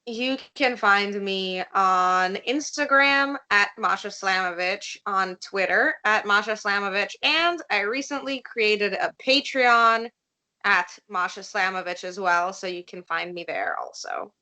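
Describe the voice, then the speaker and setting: Guest spot: twenties Russian-accented woman, bright clear tone, upbeat. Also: mid-range voice, lively intonation, measured pace, low-quality recording. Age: 20s. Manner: upbeat, laughs easily, emphatic promises. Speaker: professional wrestler, guest. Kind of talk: casual interview answers.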